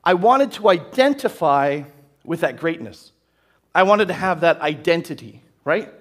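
A pastor preaching to his church in a high-pitched voice. He keeps the sermon casual and conversational, checking in with the room with "right?" as he goes. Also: animated, measured pace. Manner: conversational, often asks "right?". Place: church hall.

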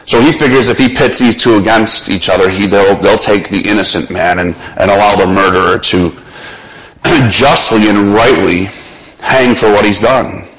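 A man preaching a sermon, slowly and dramatically retelling a scripture scene and putting the listener in it. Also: on the low side, a bit bright, rough recording.

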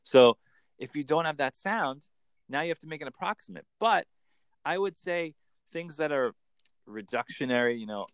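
A man's voice: a little high, lively intonation, clear, resonant tone, no echo. Man, enthusiastic coach, dry close sound. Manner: enthusiastic, explains with quick acted examples. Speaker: accent coach. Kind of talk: conversational interview.

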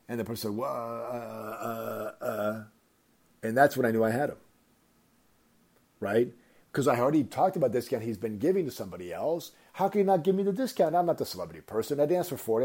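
A man hosting a podcast, telling a story in a casual, animated way and acting out the quoted lines. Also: mid-range voice, breathy edge. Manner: animated anecdote with acted-out quotes. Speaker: podcast host.

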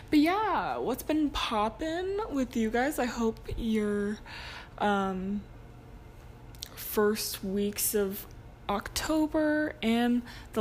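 A young woman in college hosts her own podcast solo, chatting casually in a mid-range voice. She rambles with lots of ums and self-corrections, and there's slight background noise.

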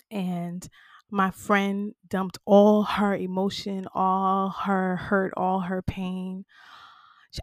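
A woman hosts her own podcast and opens up to listeners in a candid, heartfelt way, calling them y'all. She sounds shaken and close to tears, yet keeps going. Her voice sits at a middle pitch and is recorded dry and close. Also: a bit bright, no echo. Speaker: podcast host. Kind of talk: personal podcast talk.

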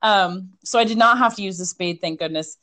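A woman telling a story in a casual chat, animated and chatty, with many fillers. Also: medium pitch, a little fast.

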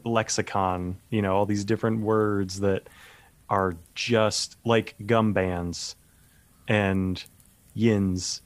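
A man's voice: on the low side, steady tone, slow, dry recording. A man co-hosting a podcast, chatting casually and easily with some nerdy enthusiasm. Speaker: podcast co-host. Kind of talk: casual chat.

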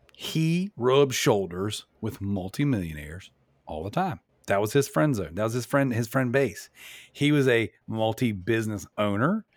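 A man's voice: medium pitch, dry recording, clean studio sound. A man hosting a casual podcast, making his points emphatically, often restarting and asking "you know what I'm saying?". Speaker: podcast host.

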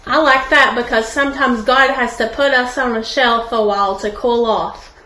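A woman's voice: fairly high pitch, fairly even intonation, moderate pace, bright, forceful tone, reverberant. A woman guest speaker telling a sermon story, with preaching asides that call out to listeners. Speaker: guest speaker, pastor's wife. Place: studio.

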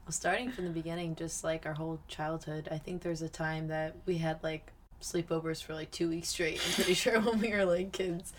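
Low-voiced young woman reminiscing. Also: a little fast, hardly any pauses, noisy background. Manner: relaxed, fond, full of fillers. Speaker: podcast guest. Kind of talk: casual reminiscing chat.

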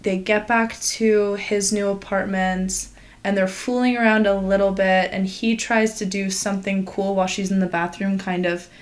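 A woman's voice: medium pitch, little pitch movement, moderate pace. A woman co-hosting a casual chat who talks freely and laughs easily.

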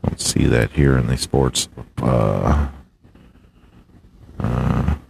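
A man's voice: very deep voice, extremely slow, vocal fry, a little mellow, a little hiss or hum. A man hosting a casual solo podcast who jokes and swears freely, slipping into a mock race-announcer voice. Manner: profane, joking, swings into a big announcer voice. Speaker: podcast host.

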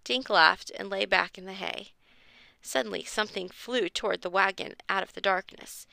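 A woman's voice: medium pitch, moderate pace, creaky, sharp tone, no room sound. A woman reading a children's chapter book aloud with expression, raising her voice for the kids' lines. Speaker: storyteller.

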